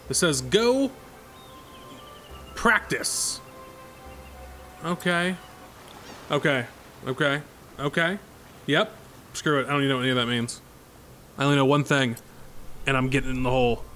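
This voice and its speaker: A gaming YouTuber provides sarcastic, excitable commentary over a golf video game, his voice bright and high. He bounces between squeaky yelps and grumbling mutters, with faint music playing beneath.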